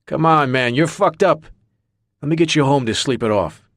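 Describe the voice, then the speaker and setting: A man voicing a blunt, loyal young friend who talks harshly and swears loudly. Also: on the high side, moderate pace, dry recording, studio quality, voice pushed up. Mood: firm.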